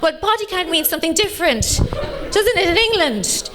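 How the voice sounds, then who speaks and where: An Irish woman in her late thirties performing a bawdy stand-up set with deadpan punchlines, teasing the crowd. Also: extremely high pitch, moderate pace, noisy background. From Ireland. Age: late 30s. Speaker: stand-up comedian. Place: comedy club stage before a live audience.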